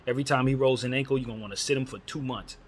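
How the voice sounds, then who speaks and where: A man's voice: mid-range voice, steady tone, racing, a little hiss or hum. A man hosting a casual solo basketball chat, talking bluntly and with strong opinions, using casual slang. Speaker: basketball commentary host.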